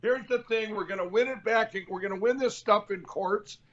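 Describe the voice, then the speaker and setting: A man's voice: high voice, normal speed, a bit bright, highs cut off. A man hosting a political talk show, rambling and combative, repeating himself as he talks. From Minnesota. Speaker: show host.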